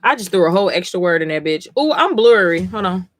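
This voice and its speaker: A woman's voice: lowish voice, lively intonation, quick pace, dry recording. A woman streaming live as she reads comics aloud and reacts, emotional and blunt, swearing freely between passages.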